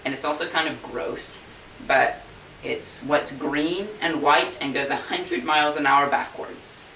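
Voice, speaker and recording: Gravelly, bright-voiced balloon man telling jokes. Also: on the high side, fairly even intonation, unhurried. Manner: folksy, chatty, slips into funny voices for characters. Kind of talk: casual joke telling to camera. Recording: roomy echo, far from mic, faint hiss.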